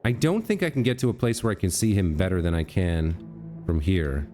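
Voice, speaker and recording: A man with a fairly low voice that rises and falls a lot, musing aloud as he plays through a game. He corrects himself mid-sentence and talks straight to the characters on his screen. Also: lively intonation, a little fast, warm tone, soft background music. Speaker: let's play host. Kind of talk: thinking aloud while gaming.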